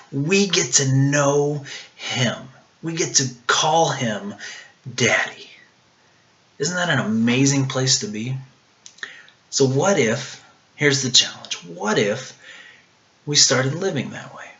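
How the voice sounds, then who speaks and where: A man talks through a short devotional in a casual, earnest way, often pausing on ums and repeating himself. His voice is bright and clear, and he sometimes drops to a near whisper on the most intimate words. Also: medium pitch, highs cut off.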